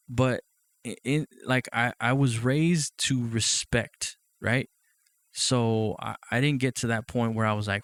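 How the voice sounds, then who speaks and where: A man's voice: medium pitch, a little slow, no echo. A man hosting his own podcast in a casual, profane, rambling monologue, often laughing and asking "you know what I mean". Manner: laughs often between thoughts. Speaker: podcast host.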